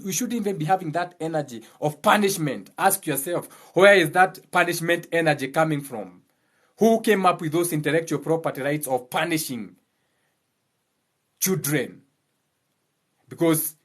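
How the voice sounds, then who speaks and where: A man hosting his channel, giving a blunt, impassioned monologue full of profanity and repeated phrases for emphasis. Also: fairly high pitch. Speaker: channel host.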